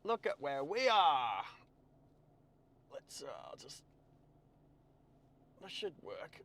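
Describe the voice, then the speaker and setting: Chatty Australian man, slightly high voice. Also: big pitch swings, drawn-out words, pauses often, fairly bright tone. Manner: chatty, thinks aloud while setting up. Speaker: host. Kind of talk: casual live-stream chat. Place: in a car.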